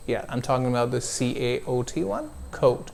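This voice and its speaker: A man coaching pronunciation in a one-on-one lesson, slowly modelling and drawing out vowel sounds. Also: medium pitch, expressive, vocal fry, darkish tone, a little hiss or hum. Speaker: accent coach.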